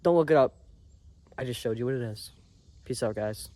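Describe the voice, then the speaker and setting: A man's voice: mid-range voice, normal speed. A young man giving a rambling, earnest pep talk full of crude slang while walking through the woods, recorded on a phone. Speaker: vlogger. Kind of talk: casual vlog chat on a walk. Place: outdoors in woods. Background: faint birds and insects.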